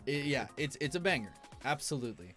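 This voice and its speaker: A man's voice: medium pitch, big pitch swings, quick pace, sharp tone, faint music behind. A man streamer giving rambling, casual tier-list commentary, laughing often between fillers.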